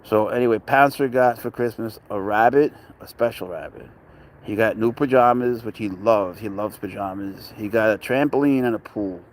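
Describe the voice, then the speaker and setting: A man's voice: on the low side, normal speed, slight background noise. A man chatting casually outdoors at a dog park, joking, talking to his cat and greeting viewers by name. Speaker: pet owner vlogger. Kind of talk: casual rambling chat.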